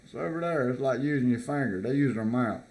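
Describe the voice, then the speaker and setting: A man from the United States, vlogging in a casual, halting way, reading items from a list and commenting with repeated words and fillers. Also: mid-range voice, a little mellow.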